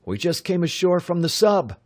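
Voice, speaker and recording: A bold, eager young pilot, as a male narrator puts him on in a storybook reading. His voice sits noticeably higher and pushes harder than the narration, and the lines come out quick-witted and keen. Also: sing-song.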